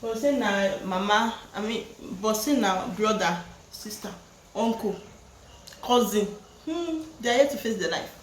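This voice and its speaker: In her home kitchen, a woman with a Nigerian accent, a vlogger and mom, chats while she cooks, laughing a lot and dropping Yoruba expressions into her English. Her mid-range voice has lively intonation and a measured pace, recorded with reverb and slight hiss or hum.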